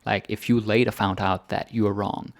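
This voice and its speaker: A man teaching grammar in a relaxed, chatty way, thinking aloud with fillers. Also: on the low side, normal speed, dry recording, clean studio sound. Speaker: Danish language teacher. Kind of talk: casual grammar lesson.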